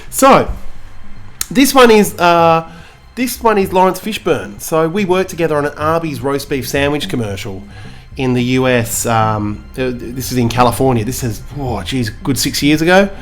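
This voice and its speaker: A man's voice: on the high side, moderate pace, faint music behind. A man telling a rambling, self-mocking comic story, full of fillers and restarts. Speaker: comedian.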